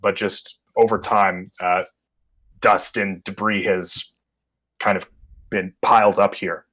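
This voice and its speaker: A man's voice: low voice, flat delivery, slow, a bit bright. A man narrating a tabletop horror game as game master, describing scenes with many ums and uhs.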